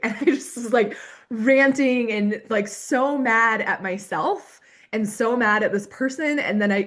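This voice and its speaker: Higher-voiced woman telling an animated story. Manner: animated, laughing often while telling a story. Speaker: panelist. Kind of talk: personal storytelling in a discussion.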